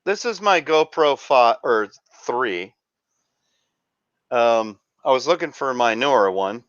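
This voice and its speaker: Smooth-voiced man explaining camera gear. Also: mid-range voice, lively intonation, takes it slowly, fairly bright tone, dry recording. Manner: rambling, explains gear with fillers. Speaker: show host. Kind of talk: casual chat. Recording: dull lo-fi dry sound.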